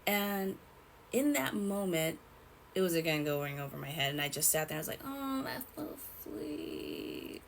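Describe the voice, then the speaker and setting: A young woman telling a personal story in a rambling, halting way, with many fillers and restarts. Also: deep voice, vocal fry, slight background noise, low-quality recording. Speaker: vlogger.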